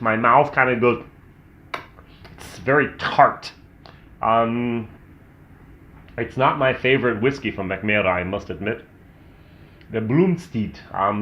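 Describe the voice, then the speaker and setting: A man's voice: medium pitch, a bit bright. American man, whisky review host, chatty and candid, roomy room sound. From United States. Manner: chatty and candid, thinking aloud. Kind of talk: casual tasting review. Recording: roomy, slightly dull sound.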